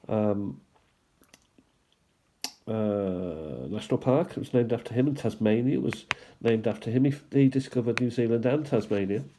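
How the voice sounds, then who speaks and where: A man hosting a stamp collecting channel, musing aloud in an unhurried way as he shows stamps one by one, with small asides. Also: mid-range voice, mellow, slight background noise. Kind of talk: casual show-and-tell commentary.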